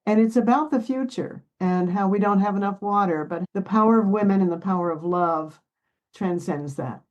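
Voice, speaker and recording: Through a muffled recording, a woman in her seventies, a therapist, talks at normal speed in a medium-pitched voice. She is an interview guest whose reflective, heartfelt speech sometimes breaks into tears or laughter as she shares family stories.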